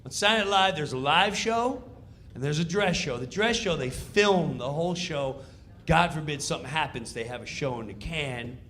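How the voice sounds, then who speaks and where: A man telling a comedic story, acting out voices and countdowns in an animated way. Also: fairly high pitch, normal speed, a little hiss or hum.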